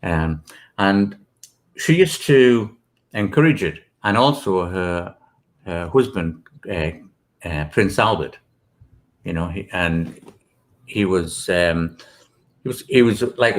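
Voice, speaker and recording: Low-voiced rambling British man. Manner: rambling, many restarts and "you know"s. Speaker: author and guest. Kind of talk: casual interview chat.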